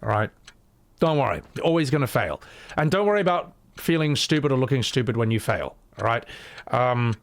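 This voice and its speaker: A man's voice: mid-range voice, expressive, fairly quick. A man streaming a game playthrough, joking and mocking his own voice work. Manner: joking, self-deprecating. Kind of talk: casual gameplay commentary.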